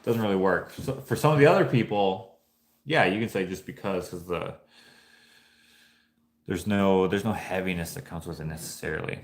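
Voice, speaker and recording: A Canadian painter hosts a casual vlog, musing and thinking aloud in a loose, rambling way with many restarts. His voice sits low, he talks at normal speed, and he pauses often. The room is echoey.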